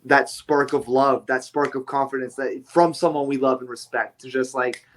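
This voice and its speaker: Animated storytelling man wrestler. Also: medium pitch, normal speed, few pauses. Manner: animated storyteller, swears lightly. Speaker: podcast guest, wrestler. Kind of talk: casual chat.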